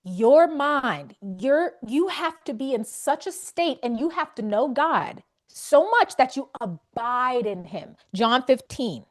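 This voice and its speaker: A woman's voice: sits high, big pitch swings, slow, few pauses. A woman hosting a live faith coaching session, speaking conversationally and emphatically to her audience. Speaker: faith wellness coach and host.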